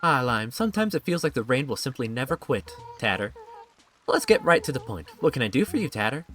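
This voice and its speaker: A man's voice: mid-range voice, very animated, a little fast, fairly bright tone, soft background music. A man voicing a snooty, prim female animal villager from a cartoon game, reading her lines aloud in a mild, slightly raised voice. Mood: haughty.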